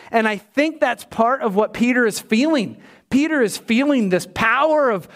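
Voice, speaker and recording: High-voiced man preaching a sermon. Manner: animated preaching, swings between loud and hushed. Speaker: pastor.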